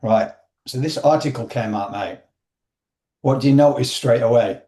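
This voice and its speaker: A man's voice: mid-range voice, normal speed, warm tone. Chatty Yorkshire man in a roomy space. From Yorkshire, England. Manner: chatty, says "mate" often. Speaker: podcast host. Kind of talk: casual interview chat.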